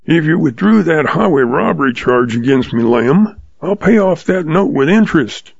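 A man voicing a calm, sly old western outlaw who talks in a patient folksy drawl, in a storybook reading. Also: fairly high pitch, normal speed, creaky, breathy edge, no room sound, voice pushed up, exaggerated voice. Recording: dull lo-fi sound.

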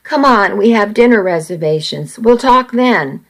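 A young man with a quick temper and a soft heart, talking his way back into favor, read by a woman. His lines come slow and unhurried, coaxing and apologetic, in a storybook reading. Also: mid-range voice, expressive. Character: young adult man, boyfriend, hot-tempered but sweet.

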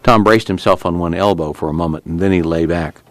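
A man narrating a dramatic audiobook in an even, low manner. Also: fairly quick, no echo. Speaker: reader.

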